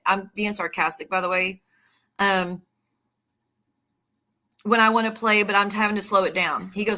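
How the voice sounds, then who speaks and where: Bright-voiced woman streaming candidly. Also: medium pitch, fairly even intonation, moderate pace, long pauses. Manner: candid, rambling, reads messages aloud. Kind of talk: casual livestream talk.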